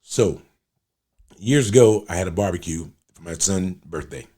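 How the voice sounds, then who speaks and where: A man's voice: sits low, lively intonation, normal speed, dark tone, slightly rough. A man hosting a podcast, telling a rambling anecdote in a blunt, profane, casual way. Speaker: podcast host. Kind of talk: casual storytelling monologue.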